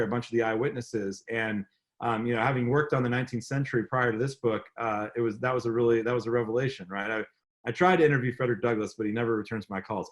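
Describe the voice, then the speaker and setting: A man, an author speaking earnestly over a video call, often adding "right?" and restarting his sentences. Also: medium pitch. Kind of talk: lecture then conversation on video call.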